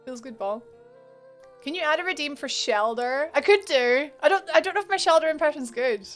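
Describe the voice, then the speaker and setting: A woman's voice: high voice, lively intonation, brisk, faint music behind. A woman with a Scottish accent, chatting casually with viewers on a live game stream, rambling and laughing often.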